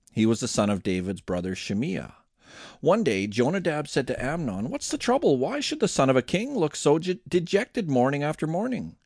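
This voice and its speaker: A man reads scripture aloud as a daily reading host, his voice rising and falling with lively movement. The recording is dry and close, with no room sound around him. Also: mid-range voice, dry recording.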